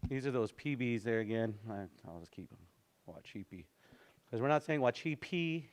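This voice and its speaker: A man's voice: fairly low pitch, lively intonation, moderate pace. A man teaching a language class, patiently repeating words for his students.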